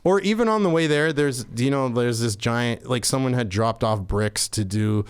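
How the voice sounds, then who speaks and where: Male podcast guest, comic storyteller, resonant clear voice, lively. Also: medium pitch, normal speed. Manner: animated, acts out quoted voices. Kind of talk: casual comedic storytelling. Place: podcast studio.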